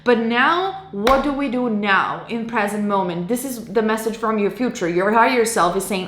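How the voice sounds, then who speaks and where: A woman's voice: medium pitch, normal speed, hardly any pauses, a bit bright. A woman giving a tarot reading to her viewers, reassuring and emphatic, often repeating her words. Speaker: tarot card reader. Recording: roomy echo.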